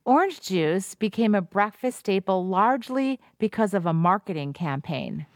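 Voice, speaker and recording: A woman's voice: medium pitch, lively intonation, normal speed, dry recording, clean studio sound. A woman co-hosting a radio show who reads trivia facts in a playful, teasing manner. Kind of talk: casual trivia chat.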